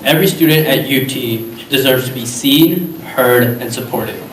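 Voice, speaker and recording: A young man gives an earnest, scripted debate closing statement, heard from some distance. The hall is echoey and carries clear background noise. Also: mid-range voice, measured pace. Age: young adult. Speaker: student candidate. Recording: distant mic in a roomy hall, noisy.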